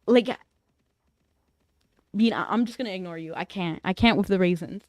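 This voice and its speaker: A woman's voice: mid-range voice, normal speed, no room sound. Playful young woman streamer, dry sound. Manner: playful, teasing, bantering with chat. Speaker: livestreamer. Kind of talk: casual livestream chat.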